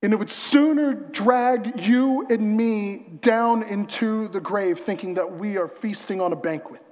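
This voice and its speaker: A man preaching a sermon as pastor, emphatic and building to loud peaks, slowing to a hushed, reflective reading. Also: sits high, big-room sound.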